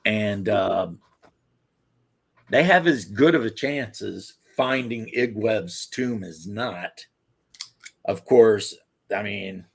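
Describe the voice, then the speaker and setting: Male co-host, slow and gravelly, husky tone, rambling casual gaming chat on a video call. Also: on the low side. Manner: rambling, many fillers and restarts.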